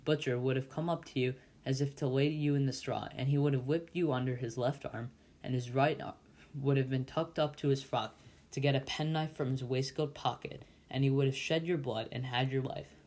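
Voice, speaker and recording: A pompous older uncle holding forth at dinner, read by a man in his own mid-pitched voice. He lectures and scolds in a bossy, self-important way, as in a storybook read aloud. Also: fairly even intonation, normal speed, a little mellow, lightly acted. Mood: lecturing.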